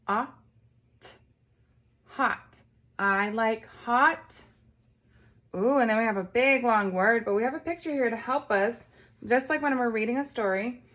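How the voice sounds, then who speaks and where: A woman's voice: a little high, a bit bright. A young woman teaching a lesson to young children, patiently sounding out letters and asking simple questions. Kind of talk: early-grade lesson video.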